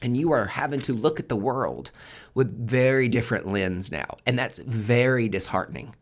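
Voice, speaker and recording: A man's voice: mid-range voice, moderate pace. A man hosting a monthly tarot forecast in a casual spoken monologue, swearing constantly and driving his points home with emphatic repetition.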